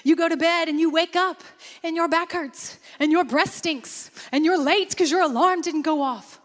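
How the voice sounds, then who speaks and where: A woman pastor preaching a sermon, animated and lively, acting out bursts of praise as she goes. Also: extremely high pitch, normal speed, in a large hall.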